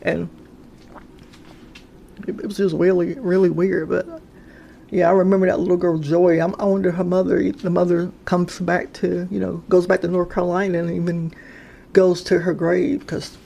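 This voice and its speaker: A woman's voice: fairly low pitch, gravelly, warm tone, slight background noise. A woman casually telling personal paranormal stories, rambling and hesitant, with frequent restarts and fillers. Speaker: storyteller sharing paranormal experiences. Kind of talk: casual spoken storytelling.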